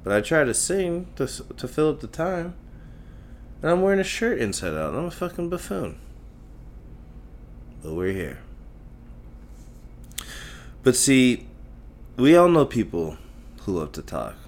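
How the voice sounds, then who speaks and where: A man's voice: medium pitch, very animated, a little slow, pauses often, slight background noise. A man from Tamil Nadu, India, hosting a solo podcast, ranting bluntly with lots of swearing and self-mockery. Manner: self-mocking, emphatic repetition. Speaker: podcast host.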